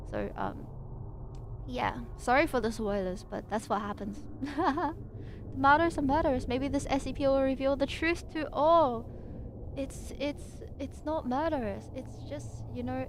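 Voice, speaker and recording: High-voiced playful woman streamer. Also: a little hiss or hum. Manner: playful, rambling and silly, with quick asides. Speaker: VTuber streamer. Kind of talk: casual livestream chat between reading passages. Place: home streaming setup at a PC.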